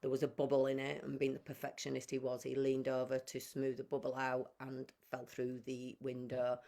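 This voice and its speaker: A woman's voice: extremely low pitch, completely flat delivery, normal speed, dark tone. A woman, a podcast guest sharing her life story emotionally and acting out past conversations. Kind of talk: personal storytelling.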